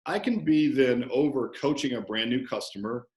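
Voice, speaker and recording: A man guest talking about coaching in a relaxed, animated interview, often acting out conversations. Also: mid-range voice, normal speed, reverberant. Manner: animated storyteller, acts out coach-client banter. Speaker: fitness business owner, guest.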